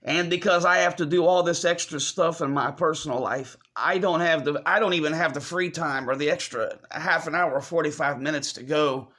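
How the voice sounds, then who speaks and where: A man giving a confessional vlog update to his viewers, choked up and fighting back tears, halting and apologetic as he repeats himself. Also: a little high, pushed and bright. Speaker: vlogger.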